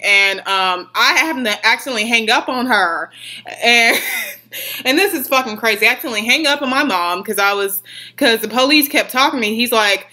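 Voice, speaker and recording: A young woman telling a story on her vlog, rambling and swearing as she retells it in an animated way. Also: on the high side, normal speed. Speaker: vlogger.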